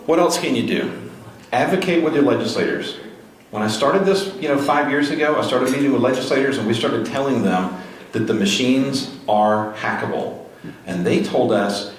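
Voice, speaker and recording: A man with a mid-range voice and moderate pace speaks at a grassroots political gathering, motivating a live audience in a crowded event room with repeated rallying questions. The recording is very echoey, with faint noise.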